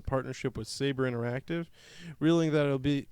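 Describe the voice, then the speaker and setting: A man's voice: mid-range voice, a little fast, darkish tone, clean tone, no echo. Male podcast co-host, young adult, casual news-reading with jokey flair, dry close sound. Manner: reads news aloud, then jokes around in an infomercial tone. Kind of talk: casual gaming podcast chat.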